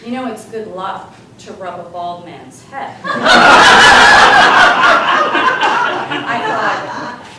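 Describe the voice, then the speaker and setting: Woman guest speaker, lively comic storyteller, lots of pitch movement, recorded from far off in a very echoey hall. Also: unhurried, background noise. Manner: animated, comic timing. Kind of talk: humorous storytelling speech. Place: large hall with live audience. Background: room ambience and audience laughter.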